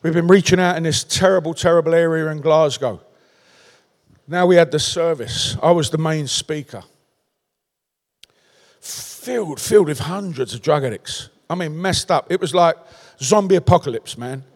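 A Cockney man from London preaches with a high voice, telling stories with lively flair and calling out to the congregation. His voice rings through a church auditorium with a long, lingering reverb. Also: moderate pace. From London, England. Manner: animated storytelling with crowd call-outs. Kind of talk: sermon.

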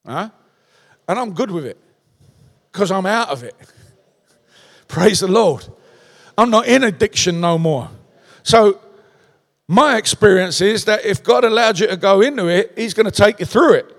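Gravelly high-voiced preacher in an echoey hall. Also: male voice. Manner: conversational preaching with rhetorical questions. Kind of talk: sermon.

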